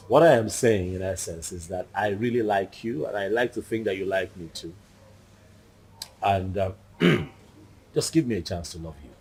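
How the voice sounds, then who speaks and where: A man's voice: low voice, animated, moderate pace, pauses often, a little mellow, husky, heavily acted. An actor playing an earnest man who tenderly courts a pregnant woman, coaxing and pleading. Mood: romantic. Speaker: actor in a Nigerian film. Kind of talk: film drama acting.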